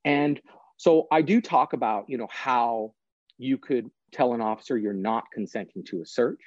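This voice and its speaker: A man's voice: medium pitch, normal speed, dry recording, highs cut off. A man, a guest author and prosecutor, explaining practical steps in an earnest, plain-spoken way during a podcast interview.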